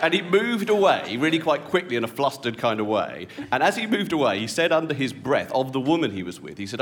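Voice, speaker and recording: Male comic storyteller, sardonic, very lively pitch. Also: fast talker, few pauses. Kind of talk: comic anecdote.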